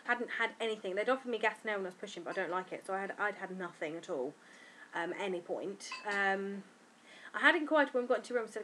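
A woman's voice: mid-range voice, quick pace, fairly bright tone, slight background noise. A tired woman, frankly and chattily telling her birth story in a casual vlog. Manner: chatty, frank and giggly, acting out quotes. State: tired from lack of sleep.

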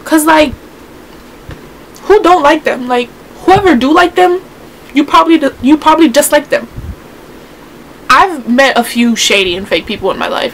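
Teen girl ranting on her vlog, sassy n rambly, kinda high voice. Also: a bit bright, a little hiss or hum, rough recording. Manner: sassy, rambling, quick to get worked up. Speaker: vlogger. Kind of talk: casual rant to camera.

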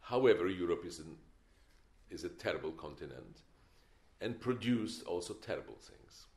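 A man's voice: low voice, expressive, moderate pace, a little mellow. Older man lecturing, emphatic. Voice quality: opinionated, emphatic, wry storytelling. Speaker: film director giving a masterclass. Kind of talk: masterclass lecture. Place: lecture hall. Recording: echoey lecture hall.

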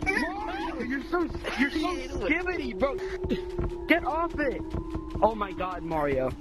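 A young man chatting excitedly with friends while playing a VR game. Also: extremely high pitch, loud music behind the voice. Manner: excitable, rapid back-and-forth banter. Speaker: player in a VR game. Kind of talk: casual game voice chat. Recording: loud background noise over game chat.

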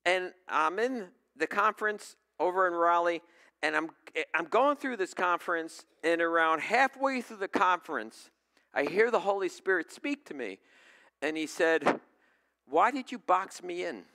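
Male pastor, middle-aged, conversational storyteller, animated and higher-pitched delivery. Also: moderate pace. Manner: storytelling, conversational, asks the congregation questions. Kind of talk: sermon.

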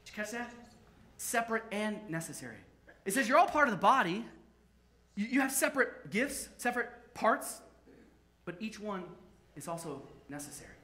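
High-pitched guy pastor preaching, jokey and playful, echoey church room. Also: sing-song, normal speed, long pauses, bright, forceful tone. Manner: playful, joking with the congregation. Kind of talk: sermon. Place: church sanctuary.

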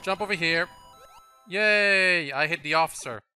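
A man's voice: medium pitch, normal speed, sharp tone, smooth, soft background music. A man with a French accent hosting a game video, chatting and laughing through casual let's-play commentary aimed at the level maker. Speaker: gaming channel host.

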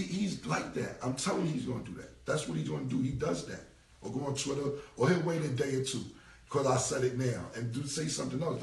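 A man's voice: on the high side, vocal fry. A forty-year-old man, talking bluntly and repetitively in heavy slang as an interview guest. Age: 40s. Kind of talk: casual interview talk. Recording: roomy, distant from the mic.

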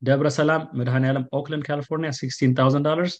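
A man's voice: on the high side, little pitch movement, rapid-fire. A man reading out donation totals for a fundraiser, listing figures with frequent fillers and restarts. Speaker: fundraiser announcer.

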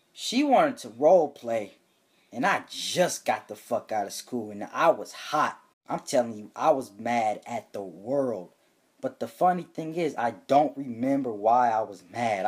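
A young man telling a comedic, profane story for his vlog, reading chat screenshots aloud with loud, animated bursts. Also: mid-range voice, breathy edge.

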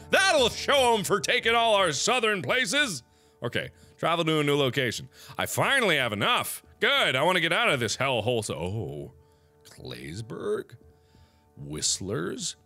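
A man giving let's play commentary on a video game, swinging between loud outbursts and mumbled planning. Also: high-pitched. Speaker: gaming video host. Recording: game music clearly audible behind. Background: game music.

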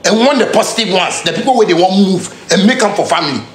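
A man's voice: high-pitched, expressive, quick pace, roomy sound, slight background noise. Heated Ghanaian man ranting in Pidgin. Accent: Ghanaian Pidgin English. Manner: confrontational, heated, streetwise slang, repeats phrases. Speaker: musician. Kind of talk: angry direct-to-camera rant.

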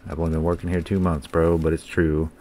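Easygoing young clerk dude , read by a man, deep voice, casual bro talk. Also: level tone, fast talker, dark tone, slight background noise. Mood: offhand. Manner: casual, calls people bro. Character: laid-back young male store coworker.

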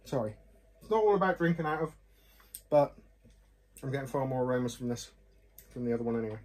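A man's voice: mid-range voice, animated, fast, a little mellow. A man reviewing whisky glasses in a chatty, rambling, self-deprecating way, often apologising. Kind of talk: casual chat to camera.

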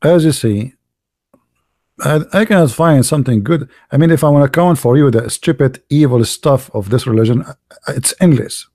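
A man's voice: medium pitch, normal speed, a little mellow, no echo, clean studio sound. A man hosting a polemical monologue, mocking as he talks, asking rhetorical questions and repeating words for emphasis. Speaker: channel host.

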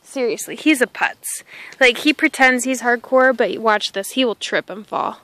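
Vlogger: high-pitched Midwestern woman, rambling and chatty, recorded outdoors on a phone. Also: normal speed, a bit bright, no echo, poor audio. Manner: chatty and rambling, talks to her dog. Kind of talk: casual walking vlog. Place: outdoors on a country path. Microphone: handheld phone camera.

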